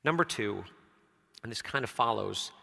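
A man preaching a sermon in a conversational way, dropping soft and low, then rising when he quotes scripture. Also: animated, normal speed, vocal fry. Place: church sanctuary. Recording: church hall reverb.

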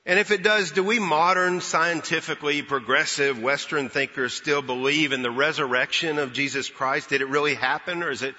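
A man preaching an Easter sermon as pastor, retelling a story earnestly and pausing for emphasis. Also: mid-range voice, pushed and bright. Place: church sanctuary. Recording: dull lo-fi with long hall reverb.

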